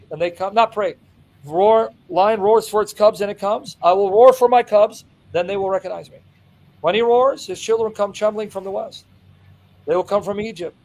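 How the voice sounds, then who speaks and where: Man, higher-pitched, emphatic Bible teacher who drives each point home. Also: darkish tone, rough recording. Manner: emphatic, reading scripture aloud and driving points home. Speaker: Christian apologist. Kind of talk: impassioned Bible exposition.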